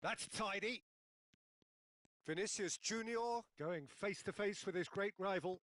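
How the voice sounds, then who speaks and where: A man giving play-by-play football commentary in a video game, building up excitedly and shouting at goals and shots. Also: high-pitched, unhurried, no echo.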